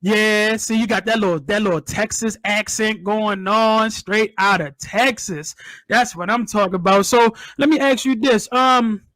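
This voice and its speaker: A man's voice: sits high, measured pace, fairly bright tone, no room sound. A man from Maryland hosting a casual interview, enthusiastic and prone to repeating words as he starts his questions. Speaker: interview host.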